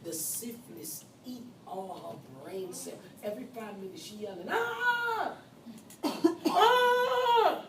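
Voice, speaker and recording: A woman, giving a nursing lecture to a class in a loud, emphatic, conversational way with asides to her students. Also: medium pitch, normal speed, few pauses. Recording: echoey classroom recorded from far off with background noise.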